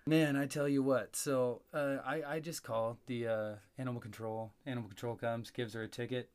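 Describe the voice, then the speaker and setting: A man's voice: mid-range voice, fairly even intonation, normal speed, smooth. Profane storytelling man. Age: adult with a young child. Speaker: podcast host. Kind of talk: casual storytelling chat.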